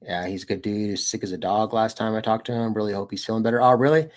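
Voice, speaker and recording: A man's voice: fairly low pitch, quick pace. A young American man hosting a casual livestream, rambling in a laid-back way and saying "dude" a lot. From United States. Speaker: streamer and channel host.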